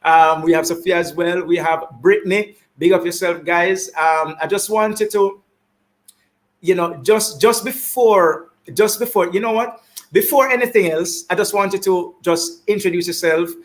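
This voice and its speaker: A man's voice: high-pitched, a little slow. Upbeat Jamaican man hosting a show. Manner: animated, repeats greetings and shout-outs. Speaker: talk show host.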